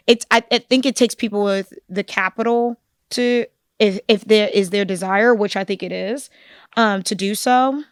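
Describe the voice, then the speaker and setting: Animated woman co-hosting a book podcast. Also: medium pitch, clean tone, no room sound, studio quality. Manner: animated, conversational, with frequent asides. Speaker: podcast co-host. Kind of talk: casual book discussion.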